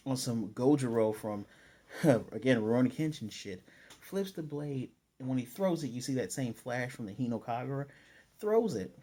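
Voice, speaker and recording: Mellow-voiced man casually recapping an anime. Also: medium pitch. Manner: loose and rambling, retelling scenes with "he's like"; laid-back slang with casual swearing. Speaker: anime episode reviewer.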